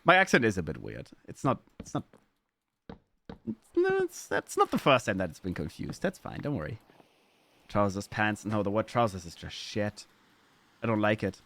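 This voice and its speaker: A man's voice: mid-range voice, very animated, moderate pace, a bit bright. A man from Germany with a German accent, chatting casually with his live-stream audience, playful and swearing freely as he riffs on chat messages.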